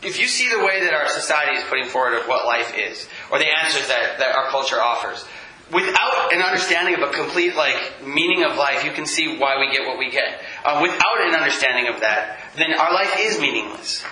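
A man's voice: fairly high pitch, lively intonation, brisk, pushed and bright. A man speaking earnestly at a church talk, restarting phrases as he searches for words. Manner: earnest, restarts mid-thought. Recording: echoey room.

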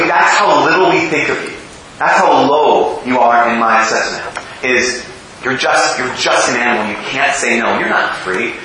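A man's voice: medium pitch, slight background noise. A man giving a talk and answering audience questions, telling stories and acting out quotes. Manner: animated storyteller, acts out quotes. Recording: echoey hall, voice from far off.

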